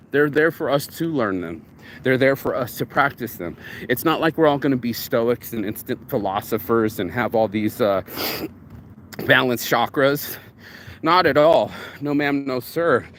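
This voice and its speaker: A man talks through his thoughts in a loose, rambling vlog monologue, swearing freely and turning ideas over as he goes. His voice sits at an ordinary middle pitch, with a faint hum of noise behind it. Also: animated, measured pace, a bit bright. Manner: rambling, profane, self-reflective. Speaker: vlogger. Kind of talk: casual reflective monologue.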